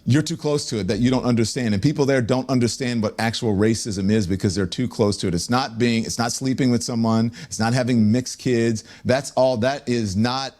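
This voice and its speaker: A man's voice: mid-range voice, fairly quick, hardly any pauses, darkish tone. A man on a television panel, insistent and lecturing as he argues a point in a heated debate.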